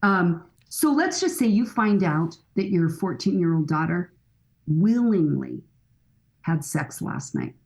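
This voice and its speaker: A woman's voice: on the low side, very animated, takes it slowly, vocal fry, a little mellow, rough recording. A middle-aged woman speaking as a guest expert in a podcast conversation, earnest and coaching, often acting out bits of dialogue.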